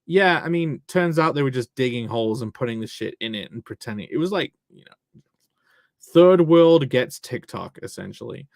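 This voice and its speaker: A man's voice: mid-range voice, lively intonation, normal speed, vocal fry, a little mellow, no room sound, clean studio sound. A man chatting casually on a live stream, reading out viewer messages and joking around, swearing freely. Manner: rambling, jokey, swears freely.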